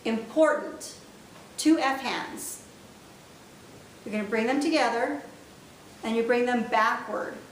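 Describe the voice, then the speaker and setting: A woman's voice: slow, pauses often. A woman teaching sign language vocabulary, patiently repeating each word as she demonstrates it. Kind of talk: step-by-step instructional lesson. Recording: echoey room, mic at a distance, faint rumble.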